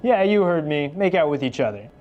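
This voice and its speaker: A man's voice: big pitch swings, brisk, soft background music. Taunting young gunman played by a guy, muffled lo-fi clip audio. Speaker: actor in a skit. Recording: dull low-fi video clip audio.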